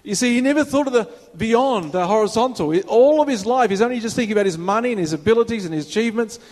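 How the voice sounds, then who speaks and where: A man's voice: high-pitched, expressive, quick pace, a little mellow. A man preaching a sermon as a minister, in a conversational way with rhetorical questions, recorded in a church hall. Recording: reverberant hall.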